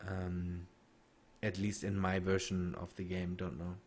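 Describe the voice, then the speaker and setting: A man streaming a game and chatting with viewers, halting and restarting as he reads chat. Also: low voice, monotone, a little hiss or hum. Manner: halting, many restarts and fillers while reading chat. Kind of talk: casual gameplay stream chat.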